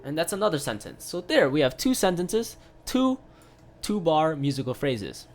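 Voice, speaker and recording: A man's voice: on the high side, sing-song, moderate pace. A man giving a casual online piano lesson, explaining step by step with lots of "right?" tag questions and filler sounds. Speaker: piano teacher.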